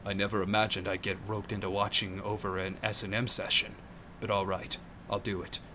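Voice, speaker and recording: A man voicing a stoic, tough male yakuza in a game, speaking low, quiet and deadpan. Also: brisk, background noise, lightly acted. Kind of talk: reading game dialogue aloud on a stream.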